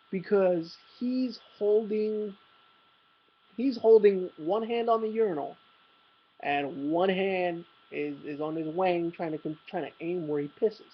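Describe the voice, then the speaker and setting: A man's voice: high-pitched, slightly rough, lo-fi sound. A young man vlogging, telling a rambling, profane story about a night out with self-mocking humor. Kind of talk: casual storytelling.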